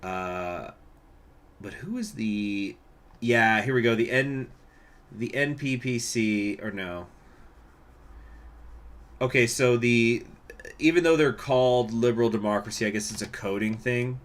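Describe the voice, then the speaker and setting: A man's voice: medium pitch, unhurried, pauses often. A man casually commenting on a strategy game during a live stream, laughing often and answering viewers. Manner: chatty, laughs often, reacts to chat.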